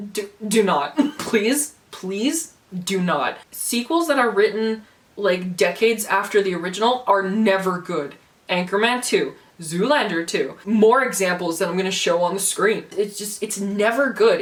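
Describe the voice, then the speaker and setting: A woman's voice: mid-range voice, lively intonation, moderate pace, recorded from a distance. A young woman vlogging a book review, sarcastic and swearing, laughing between complaints and mocking what she reads. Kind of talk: casual vlog rant.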